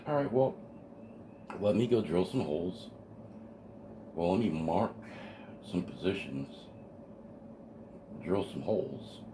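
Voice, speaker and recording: Very low-voiced eager man on a noisy recording. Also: slow, pauses often. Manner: eager, excitable explaining. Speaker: amateur radio hobbyist building a kit. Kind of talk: hands-on kit assembly walkthrough. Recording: noisy home video recording.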